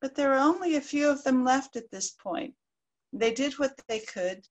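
A woman tells a story aloud in a lively, expressive way. Her voice sits a little high for a woman. She moves the tale along as a live teller would. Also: moderate pace, highs cut off.

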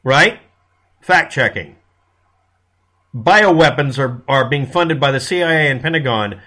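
A man from the United States talks through his commentary in a blunt, sarcastic way. His pitch sits mid-range for a man, and he swears freely. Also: expressive, a little slow, bright, forceful tone. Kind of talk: casual monologue commentary.

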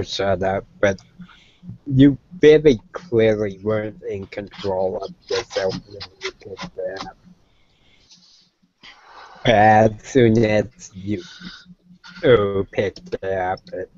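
A man narrating as game master of a tabletop game, hesitant with many pauses and fillers. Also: fairly low pitch, a little mellow, highs cut off, slight background noise.

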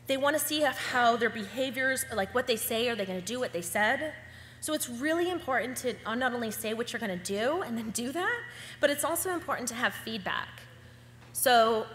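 A woman agency owner giving a lively conference talk, acting out the dialogue she quotes. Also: a little high. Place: conference hall. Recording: echoey hall with faint hum.

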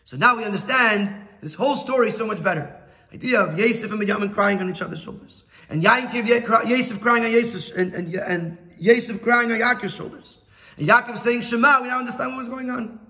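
Bright high-voiced rabbi teaching a class. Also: male voice, a little fast. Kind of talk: Torah lesson explaining a text.

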